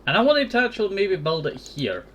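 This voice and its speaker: A man's voice: sits high, huge pitch swings, fairly quick, fairly bright tone, a little hiss or hum. A young man hosting a gaming channel, rambling and thinking aloud in casual let's-play commentary.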